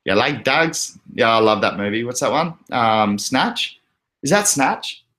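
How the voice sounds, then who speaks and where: Animated yet unhurried, an Australian man with a medium-pitched, bright and forceful voice hosts a casual crypto livestream. He reads viewer comments aloud, chatting freely and laughing frequently.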